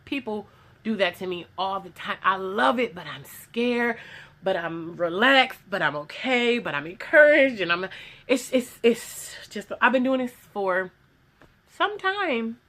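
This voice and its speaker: A woman's voice: medium pitch, expressive, unhurried, a bit bright. A woman, a small business owner, giving an earnest, rambling personal testimony in a casual vlog, recorded at home in her sewing room. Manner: earnest, rambling with restarts and quoted voices.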